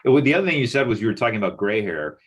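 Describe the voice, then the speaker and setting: A man's voice: on the low side, big pitch swings, rapid-fire. A middle-aged man from Texas presenting in a panel discussion over a video call, musing aloud with lots of fillers. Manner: musing, loose with many fillers.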